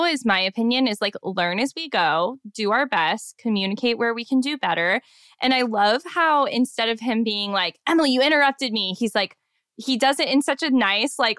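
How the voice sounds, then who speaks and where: Her clear, resonant voice runs on the high side, recorded cleanly in a studio with no room sound. Hosting a podcast, she keeps the interview casual and chatty, warmly affirming her guest and saying "like" a lot among other fillers.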